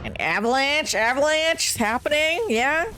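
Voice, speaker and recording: Casual woman gamer, chatty and offhand, lively animated voice. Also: high voice, normal speed. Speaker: game streamer. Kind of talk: casual gameplay commentary. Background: game music.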